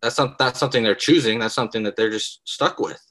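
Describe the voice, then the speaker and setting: A man's voice: mid-range voice, quick pace, a bit bright. A man from the American South in casual podcast chat, speaking earnestly.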